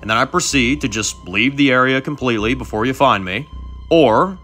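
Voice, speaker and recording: A man voices Audrin, a swaggering chainsaw-wielding mercenary, taunting in a menacing, drawling, mocking way and calling people darling. His voice is medium-pitched with a sharp tone, a little fast, over faint background music.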